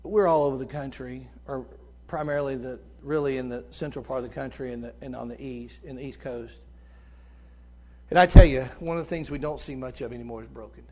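Preaching as a guest, a middle-aged man speaks in a squeaky tenor with passion, shifting from loud exhortation to quiet, hushed moments. His tone is steady and his pace brisk.

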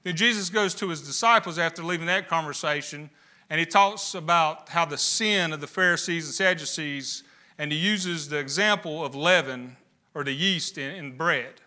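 A man's voice: on the high side, moderate pace, pushed and bright. A man preaching a sermon, building emphasis with rhetorical questions. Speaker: pastor.

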